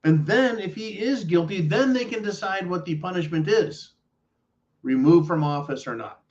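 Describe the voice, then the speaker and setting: Guy ranting on his stream, kinda high voice, muffled lo-fi audio, swears a lot and jumps from mumbling to loud. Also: moderate pace. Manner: blunt, profane, sarcastic, swings from low mutters to loud outbursts. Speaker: live stream host. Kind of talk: casual political rant to a live chat.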